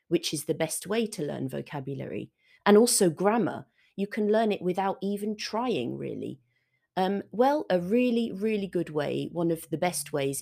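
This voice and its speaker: A woman's voice: fairly low pitch, warm tone. A woman hosting an English vocabulary lesson, patiently explaining words with example sentences. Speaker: English teacher and podcast host. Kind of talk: vocabulary lesson, slow and clear.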